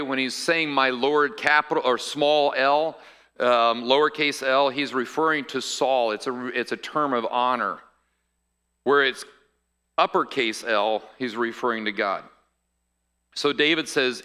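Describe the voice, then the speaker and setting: A man's voice: mid-range voice, a little slow, sharp tone, clean tone. A male pastor preaching a sermon in a conversational way, explaining scripture with asides to the congregation.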